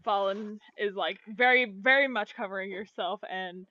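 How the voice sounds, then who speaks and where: A woman's voice: medium pitch, normal speed, bright, forceful tone, highs cut off. A young woman narrating as game master of a tabletop game, hesitant, with many fillers and giggles. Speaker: dungeon master.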